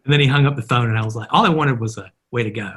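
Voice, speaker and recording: A man's voice: mid-range voice, very fast, slight background noise. A middle-aged man, a marketer, is a podcast interview guest who tells stories and acts out the dialogue in them. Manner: animated anecdotes, acting out quoted dialogue.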